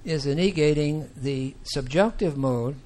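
A man teaching a Bible class, talking slowly and haltingly with many fillers and restarts. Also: on the high side, dark tone. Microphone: microphone that sometimes cuts out.

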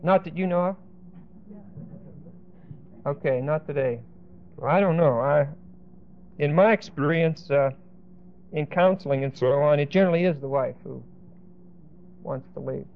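A man with a fairly high voice leads a Bible class, explaining each point and pausing to check that the class is following. The recording is dull and muffled, with the top end rolled off. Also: creaky. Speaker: Bible teacher.

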